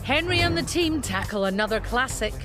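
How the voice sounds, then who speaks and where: A woman giving bright, breezy scripted narration for a television programme. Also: a little high, animated, fairly quick. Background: music.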